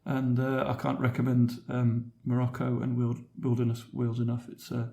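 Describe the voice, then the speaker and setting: A man's voice: mid-range voice, monotone, moderate pace, gravelly, dark tone. A man hosting a motorbike podcast in chatty, joking banter. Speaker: podcast host. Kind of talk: casual podcast chat. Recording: roomy echo.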